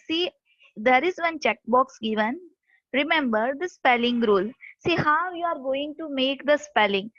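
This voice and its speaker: A high-voiced woman walks through a grammar lesson step by step, spelling words out one letter at a time. Her tone is fairly bright, but the dry, dull recording sounds lo-fi.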